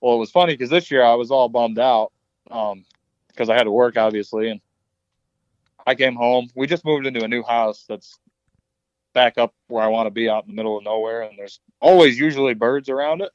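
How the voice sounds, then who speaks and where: A man telling a story in casual conversation, animated and quick to act out each exchange. His voice sits in an ordinary middle range. The sound is dry and dull, like a lo-fi recording. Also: mid-range voice, no room sound. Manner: animated storyteller, acts out dialogue. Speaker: podcast guest. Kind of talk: casual chat.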